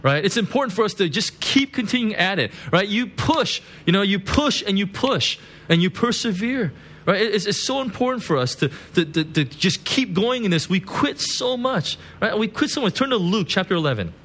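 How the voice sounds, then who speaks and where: Lively, chatty male pastor preaching. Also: high-pitched, normal speed. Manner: chatty, constant "right?" and "you know" asides; laughs at his own stories. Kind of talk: conversational sermon.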